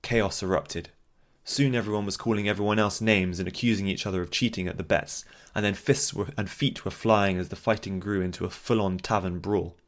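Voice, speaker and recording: Audiobook narrator, man, very deep voice, measured fantasy storytelling. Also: fairly even intonation.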